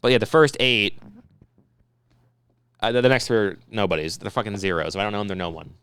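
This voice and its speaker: A man co-hosting a podcast in casual chat, with fast, profane, excitable banter. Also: fairly low pitch, clear, resonant tone. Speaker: podcast co-host.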